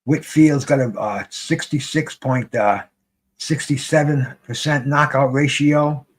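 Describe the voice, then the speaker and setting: A man casually commenting on a live boxing fight as a streamer, rambling and excitable, swearing freely and restarting his sentences. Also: a little high, a little slow.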